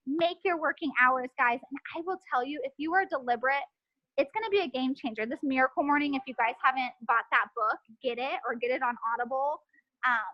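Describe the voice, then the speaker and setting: This team leader, a mother of four in her thirties, has a high voice and a brisk pace, and the recording cuts off the highs. On a group call she chats with her team in a casual, upbeat way, leaning heavily on fillers.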